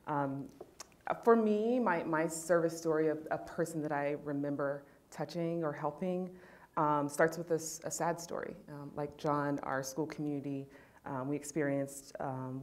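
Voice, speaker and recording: Low-voiced woman telling a heartfelt story. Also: normal speed, a little mellow. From California. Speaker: panel speaker. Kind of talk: personal story on a panel.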